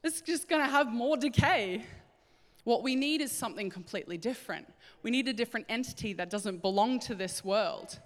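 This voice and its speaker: A woman preaching a sermon, telling a Bible story in an animated way and acting out the voices. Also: fairly high pitch, brisk. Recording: hall reverb.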